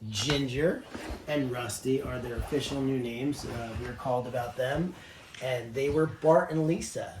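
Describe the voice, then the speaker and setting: A man's voice: medium pitch, moderate pace, reverberant, noisy background. A man caring for animals at a sanctuary, chatting casually to the camera and slipping into cooing baby talk with the animals. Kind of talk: casual vlog narration.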